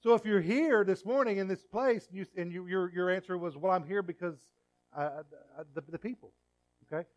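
Male pastor, higher-pitched, sermon delivery with hushed asides and loud emphatic peaks. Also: normal speed. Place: church.

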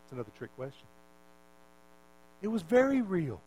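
A man's voice: sits high, very animated, moderate pace, noisy background. A male preacher giving a conversational sermon, often repeating words and putting questions to his listeners.

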